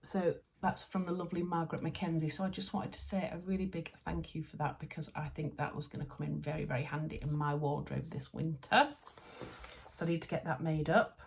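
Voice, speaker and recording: A woman's voice: sits low, steady tone, a little fast, creaky, slight background noise. A Yorkshire woman in her thirties chatting to camera about sewing and gifts she has received, gushing and chatty. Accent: Yorkshire English. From Yorkshire, England. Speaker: sewing vlogger. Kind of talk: casual chat to camera.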